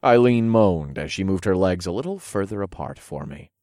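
A man narrating an erotic story in the first person, in a low, hushed, unhurried way, recorded close and dry. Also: lively intonation, no room sound.

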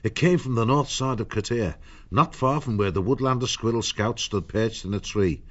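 A man reading an audiobook in a measured storytelling manner. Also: medium pitch, highs cut off. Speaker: narrator. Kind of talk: audiobook narration.

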